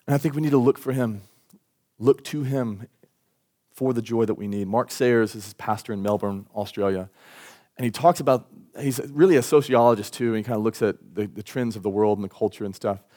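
A man's voice: mid-range voice, a little fast. A man preaching a sermon at a church service, talking in a conversational, earnest way and telling stories with energy. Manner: conversational, earnest, animated storytelling. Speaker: pastor.

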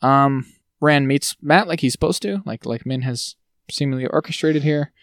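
A man co-hosting a podcast in casual chat, ranting in an exasperated way with sudden jumps in pitch. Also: normal speed, fairly bright tone, no echo, clean studio sound. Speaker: podcast co-host.

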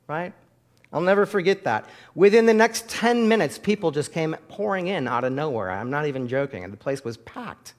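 A middle-aged pastor delivering a sermon in a slightly high voice. He tells stories in a loose, chatty way full of fillers, then lifts into loud, fervent calls for his congregation to repeat prayers after him. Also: expressive, moderate pace. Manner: conversational storytelling with many fillers.

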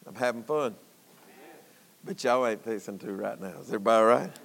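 A man preaching a sermon in a church, folksy, at times shouting and at times dropping low. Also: brisk, vocal fry, long reverb tail.

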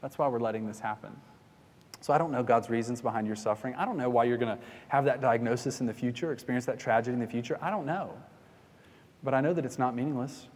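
A man's voice: medium pitch, fast talker, darkish tone, long reverb tail. A man preaching a sermon in a conversational way, now and then acting out scenes as he retells them. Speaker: pastor.

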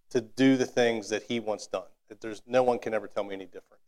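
A man's voice: lowish voice, fairly even intonation, fast, darkish tone. A man sharing a personal story and then leading a spoken prayer, talking earnestly and often repeating words as he restarts. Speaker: co-host who prays. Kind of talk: casual testimony and spoken prayer.

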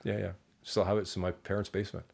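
A man with a fairly deep voice, telling casual stories as a guest in a conversation. He talks in a lively, rambling way and acts out the voices of the people he quotes. He sounds relaxed and candid. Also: very fast, gravelly. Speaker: entrepreneur guest. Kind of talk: casual storytelling interview.

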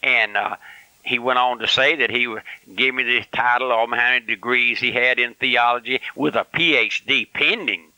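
A man's voice: mid-range voice, fairly even intonation, moderate pace, sharp tone, clear, resonant tone, no echo, low-quality recording. An older man preaching a fiery, folksy radio sermon with lots of emphatic repetition.

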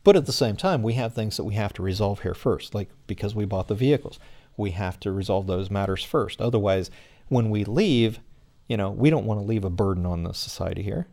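A man's voice: fairly low pitch, fairly quick, creaky, dark tone. A middle-aged American man answering interview questions in a rambling way, full of fillers. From United States. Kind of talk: conversational interview.

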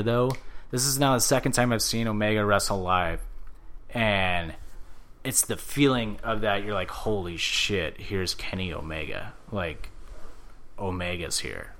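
Brief: male co-host, casual chat, excitable, bright forceful voice. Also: sits low. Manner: excitable, acts out quotes loudly.

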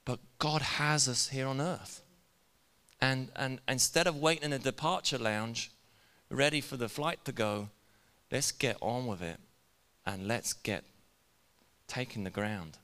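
A man preaching a sermon in a conversational, energetic way, with casual asides to the congregation in a church. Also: medium pitch, big-room sound. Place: church hall.

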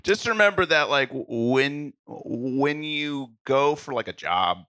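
A man's voice: mid-range voice, animated, takes it slowly, bright, forceful tone, no room sound, studio quality. A man co-hosting a casual music review podcast, laughing often and giving earnest advice. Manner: giggly, gives earnest advice. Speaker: podcast co-host. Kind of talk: casual chat.

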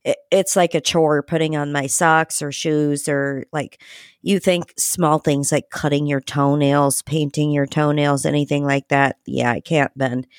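A woman's voice: low-pitched, fairly even intonation, a little slow, dry recording, clean studio sound. A woman hosting a podcast, chatting frankly and casually, with casual swearing. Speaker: podcast host.

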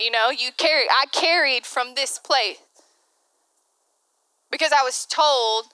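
A woman's voice: high-pitched, takes it slowly, pushed and bright, dry recording. A woman pastor preaching a candid sermon, laughing often and acting out the voices she quotes.

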